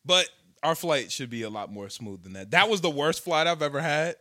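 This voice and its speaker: A young man telling a story in casual chat, animated and slangy, with lots of swearing. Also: a little high, brisk, dry recording, studio quality.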